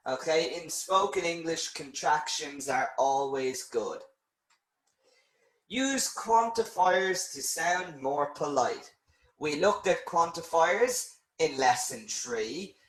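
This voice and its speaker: Slow, clear-spoken male English teacher. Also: on the high side, animated, a bit bright, roomy sound, low-quality recording. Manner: slow, clear explaining with frequent "okay". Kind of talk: online English lesson webinar.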